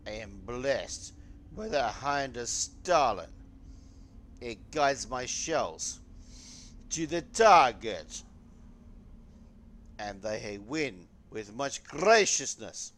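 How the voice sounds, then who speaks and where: A man voicing a boastful Soviet-style warship persona in a mock Soviet accent, with slow, grand proclamations. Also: mid-range voice, very animated, fairly bright tone, heavily acted. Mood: grandiose. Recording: game noise in the background.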